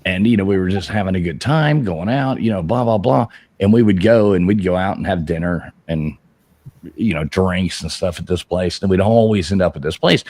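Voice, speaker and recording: A middle-aged man telling a rambling, profane story on a live show, laughing as he goes and shouting out the lines he quotes. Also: low voice, moderate pace, dry recording. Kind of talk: casual live-stream storytelling.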